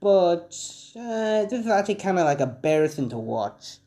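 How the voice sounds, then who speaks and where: A man's voice: high voice, big pitch swings, normal speed, dark tone, voice pushed up. A man voicing a casual, teasing teenage girl villain in a fan-made audio story, speaking offhand.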